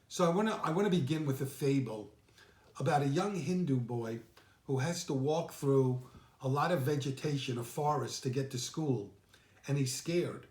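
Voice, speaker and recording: A man giving a sermon as senior minister, telling stories gently and unhurriedly with reflective pauses. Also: mid-range voice. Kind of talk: sermon with storytelling. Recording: echoey room.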